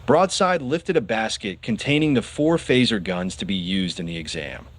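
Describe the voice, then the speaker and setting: A man narrating a children's audiobook with expressive storytelling. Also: fairly low pitch, normal speed.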